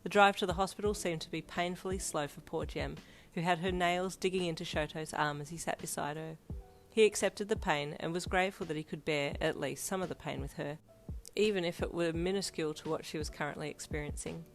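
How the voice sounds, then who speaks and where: Low-voiced woman narrating a story. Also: fairly quick, gravelly, hardly any pauses. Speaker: fanfiction narrator. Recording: soft lofi piano behind.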